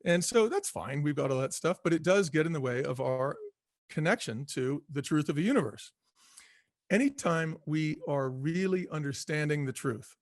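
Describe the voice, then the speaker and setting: A man's voice: fairly high pitch, dry recording. Earnest middle-aged man, dry close sound. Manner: earnest, reflective, repeats himself, laughs easily. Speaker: guest author. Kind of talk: conversational interview.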